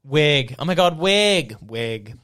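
A man's voice: fairly high pitch, animated, slow, a bit bright. A man co-hosting a podcast in casual, playful chat. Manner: playful, giggly. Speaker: podcast co-host.

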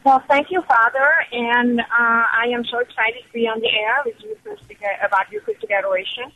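A woman calling in to a radio show, telling her story with excited, animated energy over the telephone. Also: fairly high pitch, brisk, slight background noise. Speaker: caller. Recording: dull phone line.

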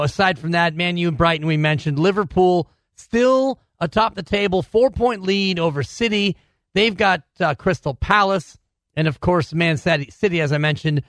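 Male co-host from the Bay Area, slightly high voice, brisk run-down delivery. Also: fairly bright tone, dry recording. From Bay Area, California. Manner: brisk fixture run-down, broadcaster-like. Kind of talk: casual soccer chat.

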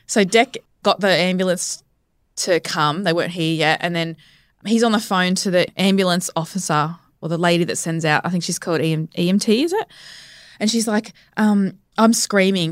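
Woman, thirties, animated storyteller guest, dry close mic. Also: fairly low pitch, normal speed, no room sound. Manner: vivid, breathless retelling that acts out quotes. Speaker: podcast guest. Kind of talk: casual storytelling interview. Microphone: studio podcast microphone.

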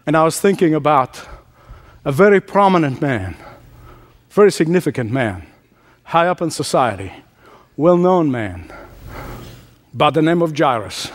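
Man, preacher, sermon, high voice, emphatic, repetitive, laughs often. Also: very animated, measured pace, pauses often. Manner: emphatic, repeats key phrases, laughs often.

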